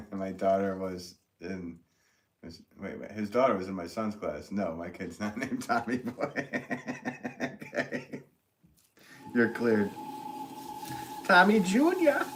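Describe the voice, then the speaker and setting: A man's voice: low voice, slow pace, slight background noise. A man with a New England accent, hosting a casual livestream while he works, reading viewer comments, joking and laughing often.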